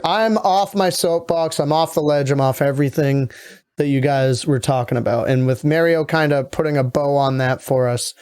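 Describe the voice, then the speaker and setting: Earnest male podcaster, slightly high voice. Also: darkish tone, clear, resonant tone. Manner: earnest, confessional venting. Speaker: podcast co-host. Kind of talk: casual sports podcast chat.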